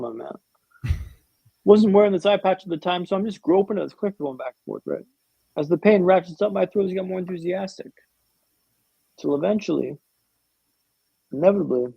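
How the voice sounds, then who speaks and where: Male interview guest, raised pitch, gravelly, dramatic storyteller with a humorous streak, dull lo-fi line. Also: mellow, no echo. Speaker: podcast guest.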